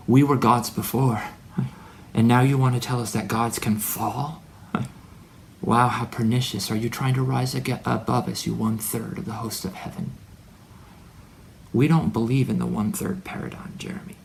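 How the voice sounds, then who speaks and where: A man delivering a rambling spiritual monologue to his son. He is preachy and full of wordplay, and he swings from loud declarations to hushed asides. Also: medium pitch, fairly even intonation, normal speed, vocal fry, a little hiss or hum. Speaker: religious speaker addressing his son.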